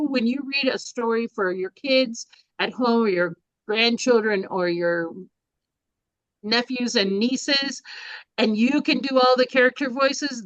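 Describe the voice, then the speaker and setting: A woman's voice: fairly high pitch, a bit bright, dry recording. Older woman, chatty workshop presenter, informal with restarts, dry, slightly dull sound. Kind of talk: speaking workshop.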